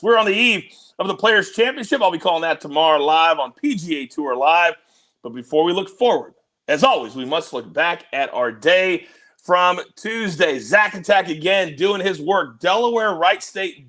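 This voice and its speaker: A man hosting a sports betting show, excitable and teasing, talking over a remote link. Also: high-pitched. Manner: excitable, teasing, big swings in loudness. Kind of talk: energetic podcast hosting. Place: on the road, remote.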